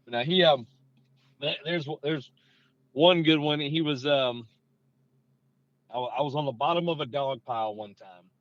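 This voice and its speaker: A high school head football coach from Georgia, US, in his late thirties, tells stories as a guest in a laid-back interview. His medium-pitched voice is bright and slightly tense; he leans on "you know" and gets animated as the stories build. The lo-fi recording is dry, a little dull, and echo-free.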